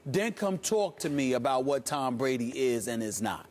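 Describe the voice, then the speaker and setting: A man making a forceful, quick case as a commentator on a sports debate show. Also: medium pitch, lively intonation.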